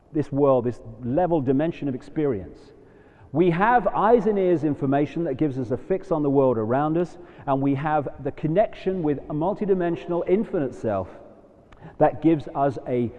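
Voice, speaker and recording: A man giving a live talk to an audience, animated and shifting between quiet asides and loud emphatic points. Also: on the high side. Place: large hall, live audience. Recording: dull lo-fi live hall recording with long reverb.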